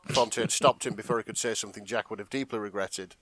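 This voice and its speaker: A man's voice: fairly low pitch, quick pace, few pauses, no echo. A man co-hosting a comedy podcast, retelling a fanfic with a lot of laughter. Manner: animated, laughing often. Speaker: podcast co-host.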